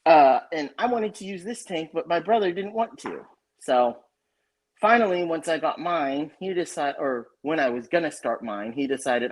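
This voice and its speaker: A man's voice: fairly high pitch, animated, normal speed. A man hosting a casual livestream chat, telling a story in a rambling way with many restarts. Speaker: stream host.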